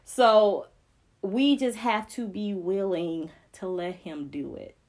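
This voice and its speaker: A woman's voice: mid-range voice, expressive, unhurried, darkish tone. A woman co-hosting a faith podcast, speaking earnestly and emphatically, with repeated phrases that build like preaching. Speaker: podcast co-host.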